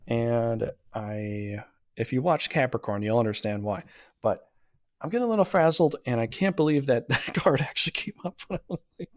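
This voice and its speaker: A man's voice: mid-range voice, normal speed, no echo, clean studio sound. A man doing a casual tarot reading who rambles, talks himself in circles and gets easily flustered. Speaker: tarot reader.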